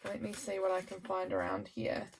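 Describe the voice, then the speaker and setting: A woman's voice: lowish voice, very animated, normal speed, vocal fry, slight background noise. Chatty tired woman flipping through a journal. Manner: chatty, rambling, lots of fillers. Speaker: journaling vlogger. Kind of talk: casual chat. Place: home desk by a sunny window.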